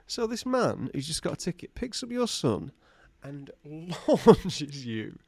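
A man co-hosting a podcast, improvising a playful comic story with sudden loud silly voices. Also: fairly high pitch, very animated, slow, no room sound. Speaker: podcast co-host.

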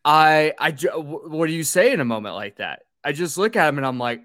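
A man's voice: on the high side, a little fast, few pauses, no room sound. Dry, casual-sounding male podcast host. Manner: animated storyteller, swears and laughs freely. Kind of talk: casual interview chat.

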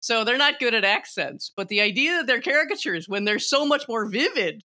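A woman with a bright, forward voice talks about films in a relaxed conversation. She is opinionated and animated, laughing often as she makes her case. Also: on the high side, fairly quick. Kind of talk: casual film discussion.

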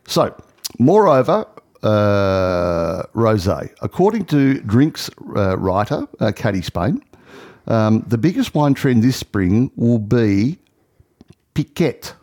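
A man's voice: on the low side, sing-song, slow, darkish tone. A man chatting on air, his voice rising and falling freely as he reads out items. He stumbles into fillers and restarts as he goes. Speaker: radio co-host. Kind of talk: casual on-air chat.

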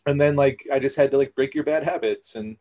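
A young man telling stories in a casual interview, animated and rambling with lots of fillers. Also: medium pitch, a little fast. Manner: animated, rambling, filler-heavy with frequent laughs. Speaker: podcast guest, former theme park ride guide. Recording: dull lo-fi recording.

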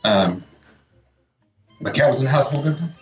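A man's voice: mid-range voice, expressive, fairly quick, echoey room, soft background music. A middle-aged man co-hosting a morning radio show, telling a rambling story in casual chat and acting out what his family said.

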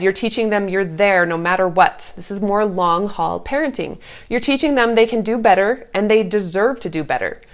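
An earnest woman in her thirties talks parents through hard moments in a reassuring, conversational way. Her voice sits at an everyday middle pitch, and now and then she slips into a sweet, sing-song tone to act out a parent's words. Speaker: parenting coach. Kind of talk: casual advice talk.

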